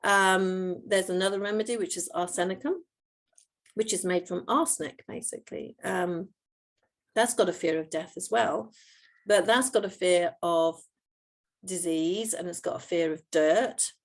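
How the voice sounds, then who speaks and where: Low, gravelly-voiced woman. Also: measured pace. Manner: patient, explanatory, with many fillers and restarts. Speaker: homeopath. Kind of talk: explaining in a podcast interview.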